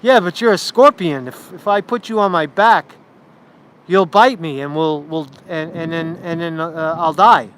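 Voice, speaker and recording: A man's voice: on the high side, unhurried, a bit bright. A man doing a wary, gullible frog. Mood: doubtful.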